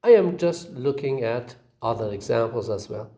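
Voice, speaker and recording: A man's voice: medium pitch, expressive, moderate pace, mellow. A male teacher giving a phonetics lecture, repeating each example word for drilling and asking questions he then answers himself.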